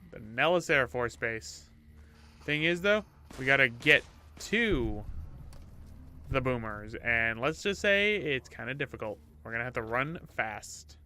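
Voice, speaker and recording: Bright, crisp young man narrating gameplay. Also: mid-range voice, expressive, a little slow. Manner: chatty, playful, trails off to mumbles. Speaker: let's-play host. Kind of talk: casual gameplay commentary.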